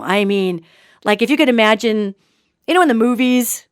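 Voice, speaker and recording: A woman hosting a podcast, telling a story in an animated, colloquial way with joking asides. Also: a little high, normal speed, smooth, no echo, studio quality. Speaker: podcast host. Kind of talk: storytelling, casual talk.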